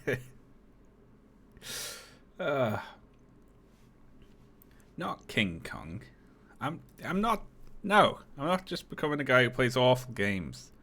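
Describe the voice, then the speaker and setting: A man's voice: mid-range voice, sing-song, slow, pauses often, bright, forceful tone. A man streaming live, chatting casually, chuckling and reading on-screen text aloud with dry remarks.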